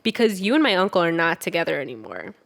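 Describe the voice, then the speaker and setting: A woman's voice: fairly low pitch, big pitch swings, fast, creaky, fairly bright tone. A young woman co-hosting a podcast, casually telling a story, acting out the quoted voices and swearing freely. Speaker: podcast co-host.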